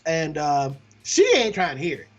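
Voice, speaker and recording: A man's voice: a little high, lively intonation, normal speed, muffled recording, music in the background. A man co-hosting a casual movie review podcast, laughing often as he retells scenes. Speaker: podcast co-host.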